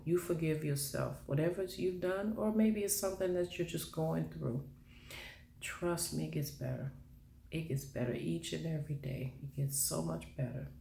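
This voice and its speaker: A vlogger speaking earnestly and encouragingly, in a soft, halting way with many pauses. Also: mid-range voice, gravelly, slight background noise. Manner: earnest, encouraging, faith-based; soft-spoken, halting with fillers. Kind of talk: earnest motivational monologue. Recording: roomy echo.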